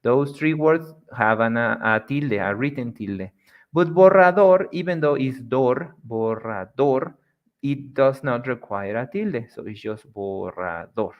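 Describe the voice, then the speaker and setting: A man giving a casual video lesson at a mid-range pitch. He explains patiently, often stops to restart a phrase with an "eh", and stretches example words out slowly so they are clear. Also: lively intonation, muffled recording. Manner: frequent restarts and "eh" fillers. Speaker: language teacher.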